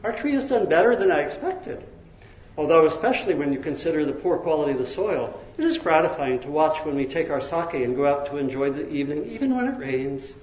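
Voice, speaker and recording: A man's voice: on the high side, animated, brisk, darkish tone, natural voice. A man voicing a tiny, cheerful old man in his seventies who talks in an easy, delighted, chatty way. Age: 70s. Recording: roomy echo.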